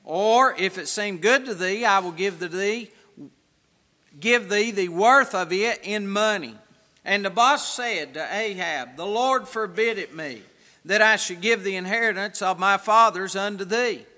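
High-voiced preacher in an echoing hall. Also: male voice, unhurried, pushed and bright. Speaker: pastor. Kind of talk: sermon with scripture reading.

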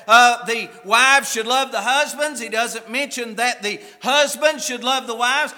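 A man preaching a sermon as a pastor, telling a story and swinging between soft asides and emphatic points. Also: very high-pitched, unhurried, hardly any pauses. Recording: echoey hall from far off.

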